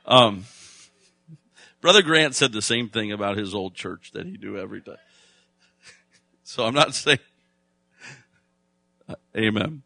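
Man preaching, bright and emphatic. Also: fairly low pitch, animated, slow pace, creaky, long pauses, no room sound. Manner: conversational preaching, rising to loud emphatic bursts. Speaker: pastor. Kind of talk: sermon.

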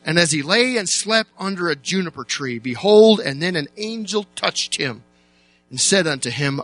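A man preaching a sermon as a pastor, telling the story dramatically, dropping to slow, quiet words and then jumping up to loud, shouted bursts. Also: high-pitched, expressive, dry recording.

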